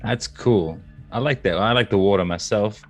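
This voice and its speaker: A man's voice: on the low side, moderate pace, dull audio, faint music behind. A man casually playing his character in a tabletop game, chummy and chatty. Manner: casual, chummy, says "mate". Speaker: player. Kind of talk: casual in-character role-play.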